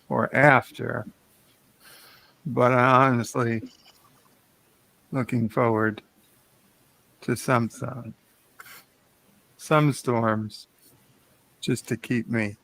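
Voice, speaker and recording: A tired, sleepy man chatting casually on a morning show, speaking haltingly with many pauses. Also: mid-range voice, level tone, creaky, a bit bright.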